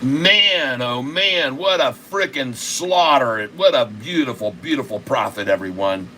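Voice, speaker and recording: Male stream host, bright voice, slow drawn-out delivery, excitable and repetitive, faint hum behind. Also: medium pitch. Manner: excitable, repetitive, crude jokes, loud outbursts. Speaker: day-trading livestream host. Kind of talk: casual live stock-trading stream.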